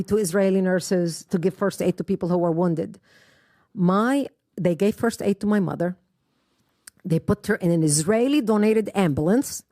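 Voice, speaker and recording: An earnest woman tells her own story as an interview guest. She speaks emphatically at a middling pitch and often restates a phrase for weight. The room sound is dry and close. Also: darkish tone, no echo. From Lebanon. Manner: earnest, emphatic, retells events in present tense with repeats.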